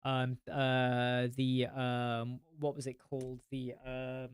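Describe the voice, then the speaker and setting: Male host, smooth dry close-mic voice, blunt ranting live-chat style. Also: medium pitch, completely flat delivery, slow, no room sound. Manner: blunt, rambling, swears. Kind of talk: casual live-stream chat.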